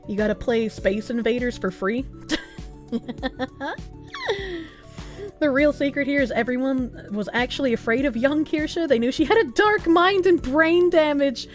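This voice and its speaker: In a casual livestream chat, a young woman with a high-pitched voice reads viewer messages aloud. She laughs often and swears freely.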